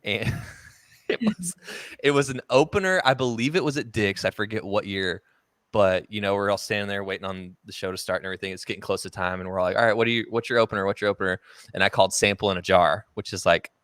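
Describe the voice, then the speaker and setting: A man's voice: lowish voice, steady tone, a little fast, fairly bright tone, no room sound, clean studio sound. A man hosting a podcast in casual chat, easygoing and playful, laughing along with his guest. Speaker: podcast host.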